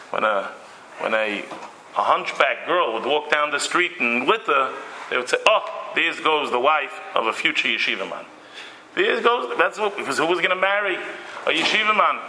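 A man gives a Torah lecture in a bright, ringing voice pitched a little high. He tells stories and acts out the people in them, sometimes with sudden loud outbursts. The echoey room carries his voice. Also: a little hiss or hum. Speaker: rabbi giving a Torah talk. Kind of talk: Torah lecture with Yiddish and Hebrew terms.

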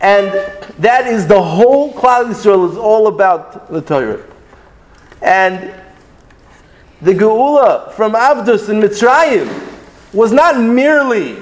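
A man gives a Talmud class in an animated, sing-song delivery, stopping to restart his sentences. His voice sits high for a man. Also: unhurried. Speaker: Torah teacher. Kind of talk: Talmudic lecture.

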